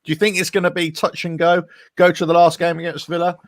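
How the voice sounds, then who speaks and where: A man's voice: fairly high pitch, level tone, fast talker, dry recording. A man co-hosting a casual football watch-along, chatting with teasing banter. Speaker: co-host.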